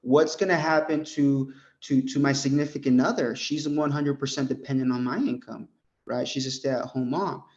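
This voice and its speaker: A young American man training insurance agents, animated and full of "right?" as he role-plays his pitch. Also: moderate pace. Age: young adult. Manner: animated, peppers talk with "right?" and "bro". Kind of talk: sales coaching talk with role-played pitch. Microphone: group call. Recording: dull lo-fi call audio.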